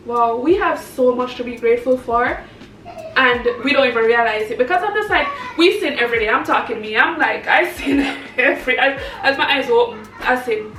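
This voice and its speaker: A chatty woman with a high voice talks casually to her viewers, rambling and laughing often. She sits a little back from the mic in a roomy, echoey space, with faint noise behind her. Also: normal speed, fairly bright tone. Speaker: vlogger and mother. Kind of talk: casual chat to camera. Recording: echoey, from a distance.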